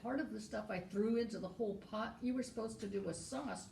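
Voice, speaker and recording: Gravelly woman cook, dry humor, off-mic. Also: a little high, a little fast, mellow, reverberant, distant mic, a little hiss or hum, rough recording. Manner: dry, understated humor with easy laughs. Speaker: home cook on the show. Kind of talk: casual chat. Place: home kitchen.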